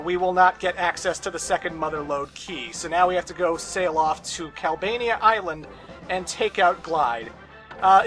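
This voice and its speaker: Young male let's player, high and bright, ranty and sarcastic. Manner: sarcastic, ranting asides, swears. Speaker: let's play host. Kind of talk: casual game commentary.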